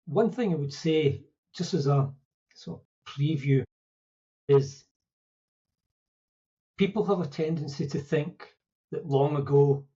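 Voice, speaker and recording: A man's voice: a little high, dark tone, lo-fi sound. A man with a Scottish accent, explaining ideas in a conversational, storytelling way with quips and asides. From Scotland. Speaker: podcast guest explaining Buddhist ideas. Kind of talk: casual explanatory talk.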